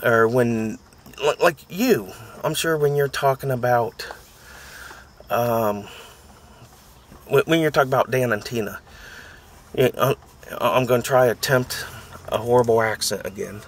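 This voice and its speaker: An American vlogger in his thirties chats casually, complaining in a rambling, mocking way. His mid-range voice is unhurried, and he pauses often.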